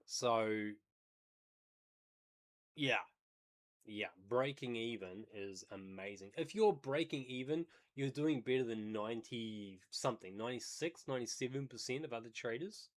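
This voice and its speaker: A man's voice: medium pitch, unhurried. A man who day trades, livestreaming and thinking aloud as he comments on a video, hedging and explaining as he goes.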